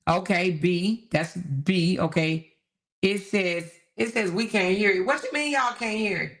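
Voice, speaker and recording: A woman hosting a casual live stream, talking to her viewers in an animated, incredulous way. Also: mid-range voice, unhurried. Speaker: host.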